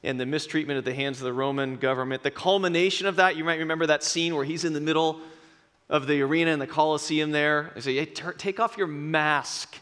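A male pastor preaching a sermon in a conversational, self-deprecating way, slowing down for emphatic phrases. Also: on the high side, flat delivery, fairly bright tone, smooth. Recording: long reverb in a large hall.

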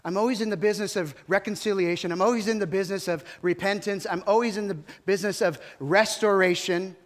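A man preaching a sermon, speaking as God in a steady, earnest voice. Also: high voice, fast, natural voice. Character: calm, patient God, male, reasoning. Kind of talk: sermon storytelling.

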